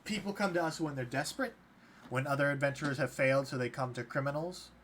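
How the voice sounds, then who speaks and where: A man's voice: a little high, fast talker, fairly bright tone, a little hiss or hum, natural voice. A man voicing a blunt mercenary recruiter. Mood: matter-of-fact.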